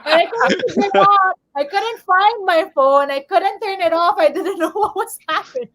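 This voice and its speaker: Filipino-born woman, high voice, chatty storyteller. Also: moderate pace, low-quality recording. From Philippines. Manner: animated, laughs through her stories. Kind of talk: casual chat, storytelling.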